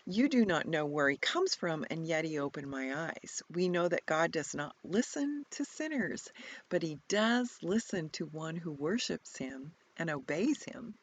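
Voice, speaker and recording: A woman's voice: mid-range voice, sing-song, moderate pace, a little mellow, voice pushed up. A woman reading the part of a man born blind who has been healed, giving pointed, slightly snarky retorts. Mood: emphatic. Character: man born blind, newly sighted, bold and exasperated.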